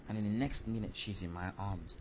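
A man with a low voice recounts a personal story in the first person. He talks in an animated, confessional way and pokes fun at himself. Room ambience sits clearly behind him. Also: a little fast, noisy background. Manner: animated, confessional, self-mocking.

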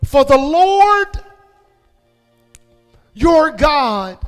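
A male pastor preaching a sermon, shouting out call-and-response lines in a sing-song cadence. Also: very high-pitched, sing-song, very slow, in a large hall, faint music behind. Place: church.

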